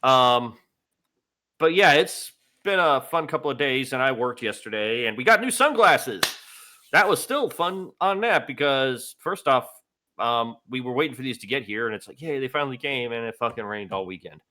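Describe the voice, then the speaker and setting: A man's voice: medium pitch, normal speed. A young man co-hosting a casual podcast, chatting loosely and acting out quotes in funny voices. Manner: animated storyteller, acts out quotes in funny voices. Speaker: podcast co-host. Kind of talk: casual chat.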